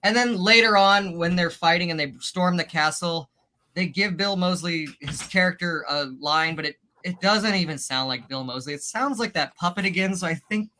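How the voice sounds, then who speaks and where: A man's voice: high-pitched, normal speed, pushed and bright. A man talking as a guest on a casual online chat, chatty and laughing often.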